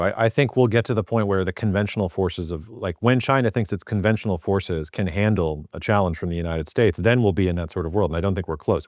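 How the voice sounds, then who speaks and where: A man's voice: low voice, no echo, studio quality. A man co-hosting a podcast who debates casually and stammers on his sentence starts. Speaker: podcast co-host.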